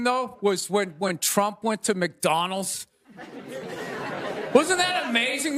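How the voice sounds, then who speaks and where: Brief: high-voiced man, exasperated stand-up host, live crowd laughing and noisy room. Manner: rambling, exasperated, loud bursts. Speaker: comedian hosting a show. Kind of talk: stand-up monologue. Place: stage before a live audience.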